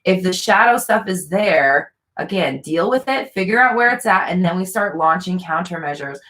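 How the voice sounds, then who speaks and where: A woman answering viewer questions as a coach, with a slightly lower voice. She talks casually and earnestly, repeating phrases and thinking aloud with fillers. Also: expressive, moderate pace, fairly bright tone. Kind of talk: casual advice talk.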